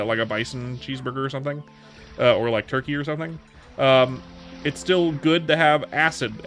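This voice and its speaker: A streamer in his thirties, his voice a bit high with a fairly bright tone, chats casually on a livestream. He answers viewer questions in a rambling way, often restarting and repeating words.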